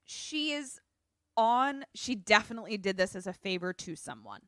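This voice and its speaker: An animated woman co-host retells a film in casual chat, joking and swearing freely as she goes. Her pitch sits in a middle range. She is recorded over a remote call with a dry, close sound. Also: normal speed, no echo. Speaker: podcast co-host. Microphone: remote call setup.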